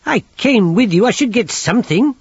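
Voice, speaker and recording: A plain-spoken working-class locksmith, put on by a male reader, grumbles bluntly in a raised, lively, up-and-down voice. The recording is dull and dry, a lo-fi audiobook sound. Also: sits high, moderate pace, breathy edge, no room sound, pitched above the performer's own voice, heavily acted. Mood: grumbling. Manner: blunt and indignant.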